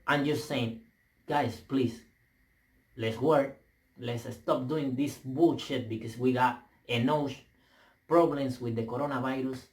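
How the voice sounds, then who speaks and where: A young man with a Spanish accent, English not his first language, delivering a profane, emphatic rant to camera with halting restarts. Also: medium pitch, fairly even intonation. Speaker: vlogger. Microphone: camera mic.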